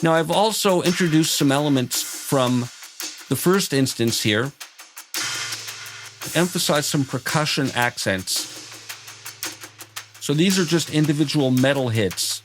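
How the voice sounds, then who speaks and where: Guy walking thru a music software tutorial, calm and technical, loud orchestral music playing under him. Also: a little high, measured pace, pauses often. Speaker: music production instructor. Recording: voice over loud background music.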